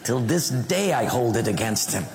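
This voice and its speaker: A man preaching a sermon, telling a personal story and acting out the voices in it, sometimes dropping to a hush. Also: medium pitch, lively intonation, normal speed, gravelly, heavy background noise. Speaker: pastor. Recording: long hall reverb, faint ambience.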